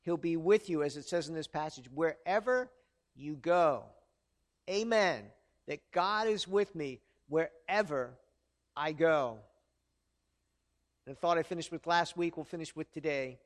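A man with a high voice preaches a sermon. He keeps it earnest and conversational and often asks the congregation rhetorical questions. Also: unhurried. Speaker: pastor.

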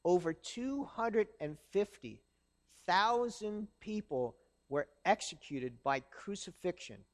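A man's voice: high voice, animated, takes it slowly. A man preaching a sermon in a conversational way, acting out the quoted lines of the people he talks about.

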